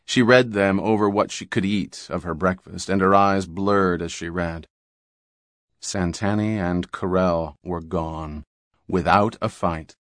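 A man narrating an audiobook in an expressive storytelling manner. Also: sits low, a little slow, no room sound, studio quality. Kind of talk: scripted narration.

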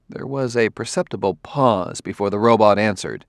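Gravelly low-voiced male narrator. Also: moderate pace, hardly any pauses, no room sound, clean studio sound. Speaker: audiobook narrator. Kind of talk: audiobook narration.

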